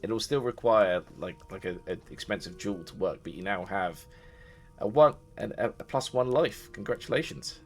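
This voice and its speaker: Low-voiced dungeon master. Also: male voice, expressive, moderate pace, soft background music. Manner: rambling, many fillers and restarts. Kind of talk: casual game narration.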